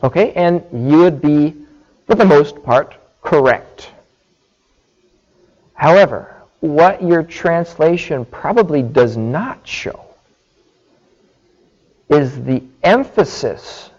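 A man preaching a sermon, explaining scripture slowly and deliberately and checking in with his listeners. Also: a little high, a little mellow, lo-fi sound. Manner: slow, deliberate teaching with frequent "okay" check-ins.

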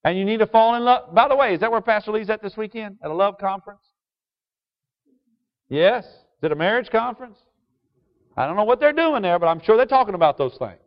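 A man preaching a sermon to a congregation, asking them questions and switching from loud emphasis to quiet asides. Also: high voice, expressive, brisk, long pauses. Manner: call-and-response questions to the congregation. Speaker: pastor. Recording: dull lo-fi sound.

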